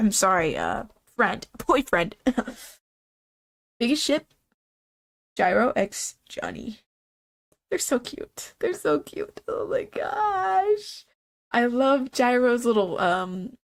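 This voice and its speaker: A woman's voice: medium pitch, gravelly. A congested young woman streaming, chatting casually and rambling with frequent laughs.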